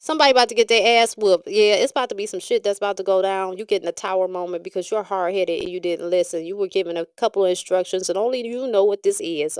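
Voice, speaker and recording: A woman tarot reader and medium on a livestream, talking bluntly and profanely in an animated rant, laughing often. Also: medium pitch, dry recording, studio quality. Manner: frequent laughter.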